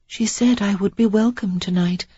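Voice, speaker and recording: A reader voicing a young woman posing as a notorious beauty, speaking low and throaty in a coy, teasing way. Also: steady tone, moderate pace, mellow, slightly rough, no room sound, lo-fi sound, lightly acted.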